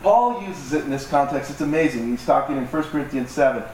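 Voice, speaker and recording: A man's voice: a little high, lively intonation, fairly quick, darkish tone, recorded from a distance. A man preaching a conversational sermon as pastor, joking about himself and acting out voices. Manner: conversational, self-deprecating, acts out voices. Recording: echoey hall, mic from afar, faint noise.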